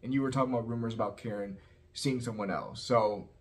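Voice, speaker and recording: A man's voice: mid-range voice, fast talker. A man recapping a reality show in a casual, opinionated, sassy way, peppering his talk with "like" and "girl". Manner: sassy, animated, heavy use of "like" and "girl".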